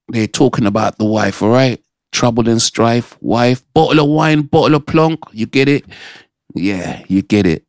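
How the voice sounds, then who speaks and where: A man hosting a casual radio chat, explaining in an animated way and often checking in with his listeners. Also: medium pitch, normal speed, dry recording, clean studio sound. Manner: animated, explaining with lots of "all right?" check-ins. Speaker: radio host.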